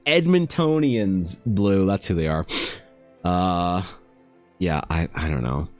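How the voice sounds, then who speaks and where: Lowish-voiced man telling a story. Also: slow, soft background music. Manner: animated, trails into high exasperated rants. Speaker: artist streaming to chat. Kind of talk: casual storytelling chat.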